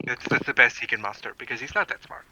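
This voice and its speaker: A man's voice: medium pitch, quick pace, bright, forceful tone, lo-fi sound, a little hiss or hum. A man playing a tabletop role-playing game, describing his character casually and swearing a lot. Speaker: player.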